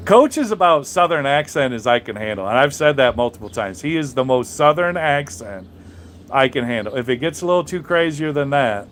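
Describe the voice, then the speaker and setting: Trucker guy on a live stream, swears a lot, rambles and restarts, faint noise in the background. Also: mid-range voice. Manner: blunt and profane, rambling with many restarts. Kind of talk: casual live-stream chat reading viewer comments.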